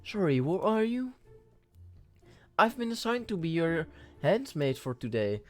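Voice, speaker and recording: A man's voice: on the high side, sing-song, measured pace, a little mellow, faint music behind. A man reading the lines of a deferential young handmaid in a story game. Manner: deferential and eager to help. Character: polite young female handmaid.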